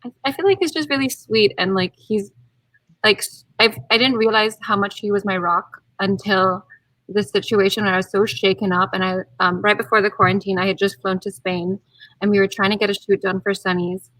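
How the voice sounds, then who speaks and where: A young woman, a bride-to-be, chatting casually on a video call and acting out her own quotes with lively swings. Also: medium pitch, fairly quick, no room sound, low-quality recording. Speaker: guest, bride-to-be. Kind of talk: casual chat.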